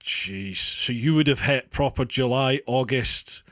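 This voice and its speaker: Guy hosting a podcast, laughs a lot, mid pitch, dead dry room. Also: unhurried, fairly bright tone, no room sound. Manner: chatty, laughs often. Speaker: podcast host. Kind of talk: casual chat.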